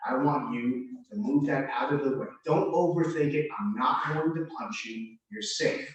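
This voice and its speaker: A man teaching a self-defense drill, giving calm, reassuring, repeated cues to a student. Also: medium pitch, normal speed. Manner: reassuring, repetitive coaching cues. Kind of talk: coaching a drill. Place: martial arts gym. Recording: very echoey room, from far off.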